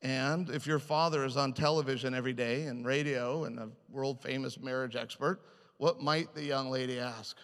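A man telling a personal story as a humorous sermon, self-mocking and animated, jumping in and out of quoted voices before a live congregation. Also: medium pitch, normal speed, clean tone. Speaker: preacher. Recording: hall reverb.

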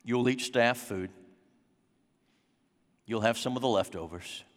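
A man voicing a cold, stern father who scorns his son, low and quiet, with long reverb from a large hall. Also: unhurried, lightly acted. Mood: cold, scornful.

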